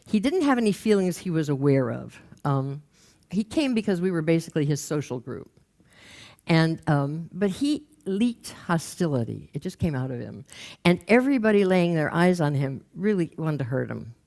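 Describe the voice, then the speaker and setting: An older woman with a notably low voice tells a personal story. She is humorous and lively, and she acts out the voices of the people she quotes. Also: moderate pace. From United States. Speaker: career coach and speaker. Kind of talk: storytelling talk.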